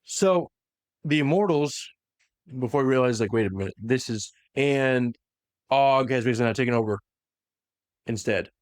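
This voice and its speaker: A man's voice: medium pitch, no room sound, clean studio sound. Man animatedly recapping lore. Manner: animated retelling that slips into quick voiced quotes. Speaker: podcast host recapping lore. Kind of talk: casual lore recap chat.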